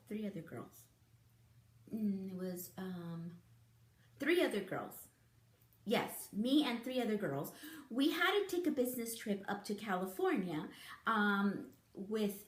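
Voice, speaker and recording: Woman in her fifties, beauty vlogger, chatty and giggly, lively up-and-down delivery in an echoey room. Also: medium pitch. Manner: chatty, giggly, animated storytelling. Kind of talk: casual storytelling to camera.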